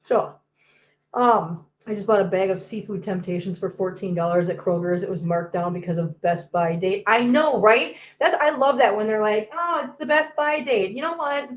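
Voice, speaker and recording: A woman's voice: mid-range voice, steady tone, normal speed, echoey room, low-quality recording. A woman hosting a casual livestream from home, chatting and joking while she talks to her cats. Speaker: host.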